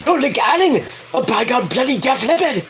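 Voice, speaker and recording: A man's voice: extremely high pitch, very animated, moderate pace, fairly bright tone, a little hiss or hum, voice pushed up, heavily acted. A man doing a hammy put-on Irish wrestler. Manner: hammy, exaggerated brogue with stock phrases. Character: boisterous Irish male wrestler, mock impression.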